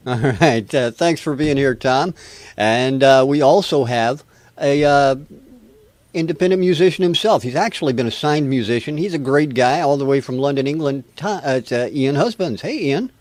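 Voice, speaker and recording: A man's voice: medium pitch, normal speed, darkish tone, no room sound. Chatty American man hosting a webcast. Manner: chatty, rambling, self-deprecating. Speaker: show host. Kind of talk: casual live webcast hosting.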